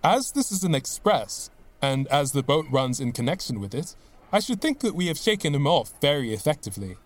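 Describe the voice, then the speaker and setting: A man reading an audiobook, voicing an excitable, loyal middle-aged companion who exclaims emphatically. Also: fairly high pitch, brisk. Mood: earnest.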